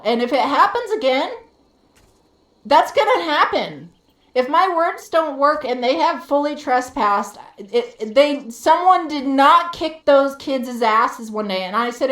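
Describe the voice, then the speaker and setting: A woman's voice: high voice, a bit bright. A woman live streamer ranting heatedly while she games, swearing and repeating herself for emphasis. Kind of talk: venting rant while gaming live. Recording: roomy echo.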